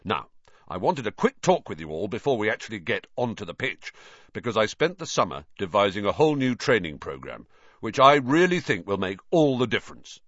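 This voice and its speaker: A man voicing an intense, bossy teenage team captain who talks briskly and flares up easily. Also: on the low side, very animated, fairly bright tone, no room sound, muffled recording. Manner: brisk, impatient, easily outraged.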